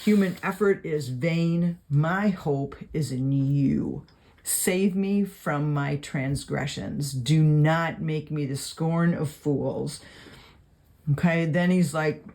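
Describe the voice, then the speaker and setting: Speaking slowly in a medium-pitched, somewhat dark voice, this teacher reads Bible verses aloud in a relaxed video lesson. He unpacks each passage in a chatty way, full of fillers, writing notes all the while.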